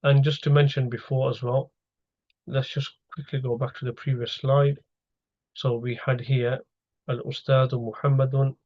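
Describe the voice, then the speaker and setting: A man's voice: mid-range voice, flat delivery, moderate pace, dull audio. A man teaching an online grammar lesson over slides, explaining step by step and asking his students questions.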